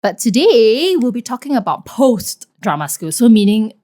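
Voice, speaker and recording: Singaporean woman in her 20s, podcast cohost, super animated up-and-down voice, storytelling. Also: fairly high pitch, normal speed. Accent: Singaporean English. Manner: lively storyteller, animated, laughs while telling. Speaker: podcast co-host. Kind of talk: casual chat over food.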